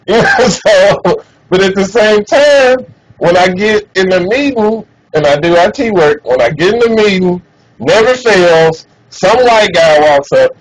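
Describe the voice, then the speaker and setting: Male streamer, high and lively delivery, profane casual chat. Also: measured pace, rough recording. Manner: animated, profane, laughs often.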